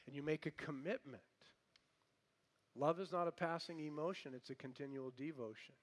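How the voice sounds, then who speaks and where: A middle-aged man preaching a sermon, moving between hushed, conversational asides and emphatic, loud declarations. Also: on the high side, normal speed. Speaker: pastor.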